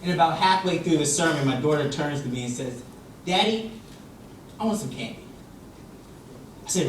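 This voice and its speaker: A young man giving a humorous contest speech, telling an animated story and acting out voices. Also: on the high side, normal speed, pauses often, a little hiss or hum. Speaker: contest speaker. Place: large hall with audience. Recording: distant mic in echoey hall with audience.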